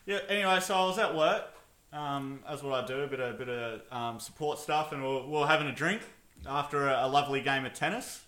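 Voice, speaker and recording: Halting, bright-voiced man. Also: mid-range voice, roomy sound. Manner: hesitant, many ums and restarts. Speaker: podcast co-host. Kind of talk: casual storytelling.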